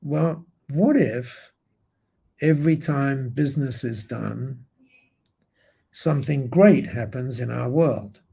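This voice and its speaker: A man quoting a gentle Japanese woman. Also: medium pitch, vocal fry, breathy edge, exaggerated voice. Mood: earnest. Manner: gentle, halting simple English. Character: gentle Japanese woman entrepreneur, soft-spoken, earnest.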